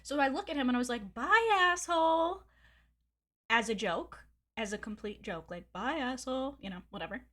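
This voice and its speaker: Woman, streamer, casual chat, candid and profane, rambling, a bit high-pitched. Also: expressive, fast talker, a bit bright. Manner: candid, gossipy storytelling with frequent swearing; rambling with fillers and laughs.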